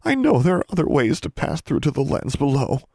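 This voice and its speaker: A man voicing a spoiled, desperate young woman who pleads and whines in a high voice close to tears in an audiobook. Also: very animated, a little fast, darkish tone, dry recording. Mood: pleading, desperate. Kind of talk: audiobook character voice.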